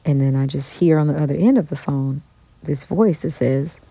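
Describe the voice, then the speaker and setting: Animated woman telling a story. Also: low voice, normal speed, vocal fry, no echo. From United States. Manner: animated storytelling, acts out quoted dialogue. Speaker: guest musician. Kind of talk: storytelling in an interview.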